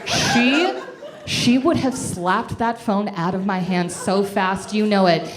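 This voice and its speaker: A young adult woman from Colorado telling a funny story on stage, self-mocking and lively, jumping into exaggerated voices. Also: medium pitch, slow, a crowd in the background. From Denver, Colorado. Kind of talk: live comedic storytelling. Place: stage before a live audience.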